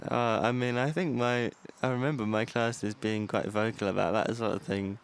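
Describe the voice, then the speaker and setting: A man's voice: medium pitch, fairly even intonation, normal speed, a little hiss or hum. A young man co-hosting a podcast, chatty and swearing freely as he tells stories. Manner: chatty storyteller, swears freely, laughs often. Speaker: podcast co-host. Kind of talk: casual chat.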